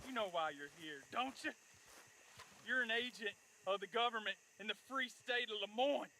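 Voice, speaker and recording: An actor playing a menacing outlaw raider in a video game, taunting and sneering. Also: male voice, high voice, normal speed, pushed and bright, heavily acted, rough recording.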